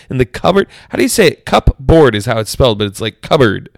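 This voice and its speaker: A man's voice: mid-range voice, sing-song, fast, vocal fry, a little mellow, dry recording. A young man co-hosting a casual podcast, joking and arguing playfully, repeating words for laughs. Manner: jokey, argumentative, repeats words for comic effect. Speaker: podcast co-host. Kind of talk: casual chat. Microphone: studio mic.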